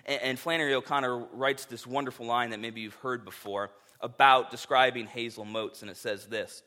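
A man's voice: medium pitch, steady tone, normal speed, few pauses, pushed and bright. A man preaching a sermon, reading scripture and then talking in a casual, earnest way with filler words. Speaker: pastor.

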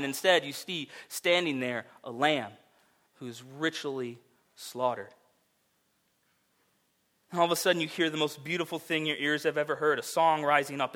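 A man preaching a sermon, telling a vivid second-person story that rises to loud, emphatic peaks. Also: on the high side. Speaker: pastor.

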